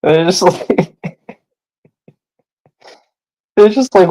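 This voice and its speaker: A man's voice: on the high side, expressive, slow, creaky, darkish tone, rough recording. A man telling a story on a casual live stream, laughing constantly as he talks and rambling with a lot of "like" between words. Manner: laughs constantly while talking; rambling, heavy use of "like".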